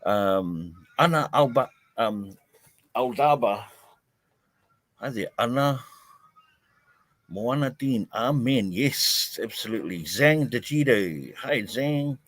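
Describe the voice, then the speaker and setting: A man's voice: medium pitch, lively intonation, slow pace, pauses often, a bit bright, dry recording, rough recording. A man hosts a live stream from outdoors behind his house, chatting casually with many fillers and greeting viewers by name.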